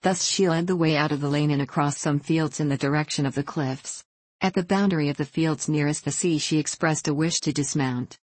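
Low-voiced woman reading a classic novel. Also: brisk, a little mellow, dry recording, rough recording. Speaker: audiobook narrator. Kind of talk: scripted narration of a classic novel.

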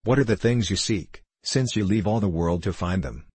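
A man's voice: deep voice, moderate pace, darkish tone, slightly rough, no echo. A man voicing a stubborn, scornful male neighbor who scoffs and orders others about in old-fashioned speech. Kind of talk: storybook reading.

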